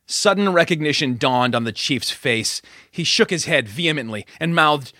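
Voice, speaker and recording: Bright, dry male audiobook narrator. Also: mid-range voice, expressive, moderate pace, no room sound.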